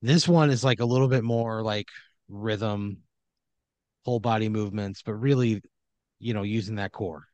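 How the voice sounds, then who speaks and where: A man's voice: fairly low pitch, moderate pace, darkish tone, dry recording, lo-fi sound. A man improvising a comedic horror story in a loose, rambling way full of fillers.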